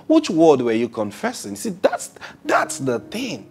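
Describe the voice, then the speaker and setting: A man preaching a sermon, opening with prayer and acting out little dialogues, swinging from soft to loud. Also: fairly high pitch, sing-song, normal speed, creaky, hardly any pauses, soft background music.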